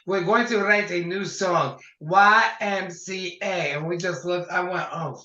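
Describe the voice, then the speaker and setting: An older man, a singer, chatting in an interview and telling animated stories from his career. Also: sits high, measured pace. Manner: animated storyteller, acts out quotes. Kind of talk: casual interview conversation. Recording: echoey dull lo-fi sound.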